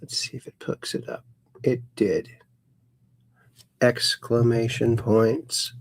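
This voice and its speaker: A man hosts a casual livestream, slowly reading chat messages aloud in a medium-pitched, flat delivery broken by sudden bright upswings.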